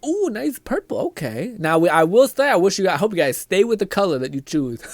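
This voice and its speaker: A man's voice: sits high, sing-song, brisk, dry recording. A young man streaming live, chatting casually, reading chat aloud, laughing often and swearing freely.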